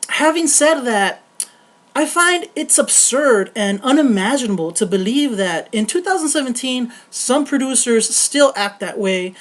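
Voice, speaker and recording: Woman host reading a movie review off a script, a little high, earnest with wry jokes.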